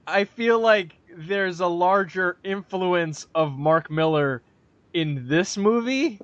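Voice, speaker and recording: A man's voice: high-pitched, takes it slowly, no room sound, lo-fi sound. Rambling, profane man on a podcast. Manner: rambling, profane, with frequent restarts and acted-out quotes. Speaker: podcast co-host. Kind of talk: casual chat, movie review.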